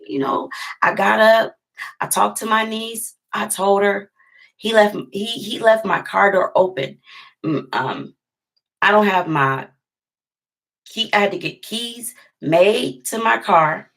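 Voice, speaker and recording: A woman's voice: on the low side, moderate pace, a bit bright. A woman telling a personal heartbreak story in a rambling, self-correcting way, sometimes dropping almost to a whisper. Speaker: vlogger. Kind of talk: storytime vlog.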